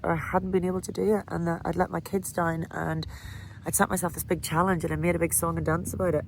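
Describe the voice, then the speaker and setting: A woman's voice: lowish voice, vocal fry, a little hiss or hum. An Irish woman vlogging candidly and emotionally about a hard cycling challenge. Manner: emotional, candid, breaks into laughter. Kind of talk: candid personal vlog.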